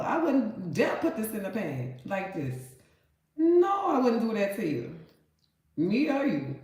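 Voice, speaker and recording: A woman's voice: mid-range voice, darkish tone. A woman, chatting folksily to viewers while she cooks and cleans meat in her kitchen. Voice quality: nasal. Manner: chatty, folksy, calls viewers baby and honey. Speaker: cooking vlogger. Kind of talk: casual cooking talk to viewers. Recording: very echoey room.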